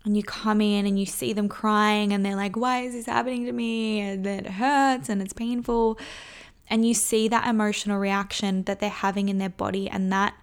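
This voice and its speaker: A woman's voice: medium pitch, level tone, normal speed, clean tone. Candid young woman podcaster. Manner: candid, conversational, acts out quoted voices. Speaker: podcast host. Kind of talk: solo podcast talk.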